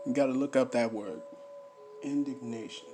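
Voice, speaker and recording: A man giving an informal scripture teaching, repeating phrases for emphasis and swinging between loud preaching and low, muttered reading. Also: moderate pace, noisy background. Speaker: bible teacher.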